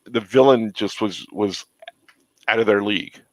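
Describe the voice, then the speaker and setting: A man's voice: fairly low pitch, measured pace, no room sound, low-quality recording. A man hosting a casual chat, telling long rambling stories. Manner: rambling storyteller. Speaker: host.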